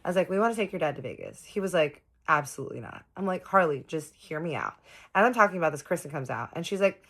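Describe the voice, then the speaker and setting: A woman's voice: low-pitched, animated, fast talker, fairly bright tone. A woman, chatting casually through a storytime and quoting others in her own voice.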